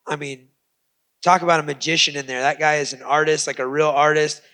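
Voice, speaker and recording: A man's voice: on the high side, fairly even intonation, brisk, bright, forceful tone. A man answering on a fighters' panel, enthusiastic and loose, with filler words.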